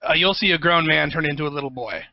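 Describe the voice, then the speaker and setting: A man, a composer guest, telling stories in a rambling, profane, excitable way in a casual interview. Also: on the high side, quick pace, creaky, lo-fi sound, a little hiss or hum. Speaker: guest, video game composer.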